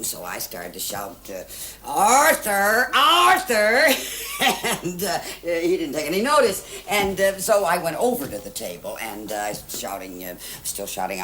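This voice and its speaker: An actress playing a wealthy middle-aged hostess who rambles with fillers. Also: female voice, low voice, fairly bright tone, slight background noise. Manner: chatty, rambling with many fillers.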